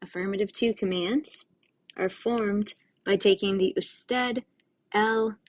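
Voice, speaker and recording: A woman Spanish teacher giving a recorded lesson, explaining step by step to her students in a patient, casual way with friendly asides. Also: mid-range voice.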